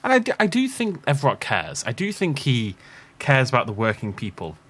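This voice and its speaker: Casting: man from the Isle of Man, let's play host, lively and animated, musing aloud. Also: medium pitch, fairly quick. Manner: rambling, thinking aloud, chuckling. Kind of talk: casual gameplay commentary.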